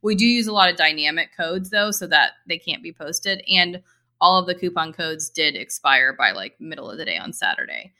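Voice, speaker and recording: A woman with a low-pitched, pushed and bright voice speaks animatedly at a moderate pace. She's an e-commerce marketer co-hosting a casual business chat, talking loosely and chattily with lots of fillers and restarts.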